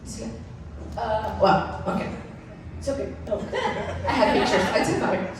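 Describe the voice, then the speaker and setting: At a large event venue, a woman in her thirties delivers a candid, personal storytelling keynote, often laughing and making asides to the audience. Her mid-range voice is expressive and unhurried. A distant, echoey hall mic captures her over a noisy background.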